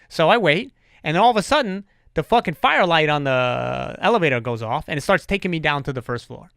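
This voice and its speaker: Man, podcast host, casual chat, swears a lot, lively voice, dry close mic. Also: on the high side, brisk, gravelly, clear, resonant tone, no room sound. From New York. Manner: animated storyteller, swears freely.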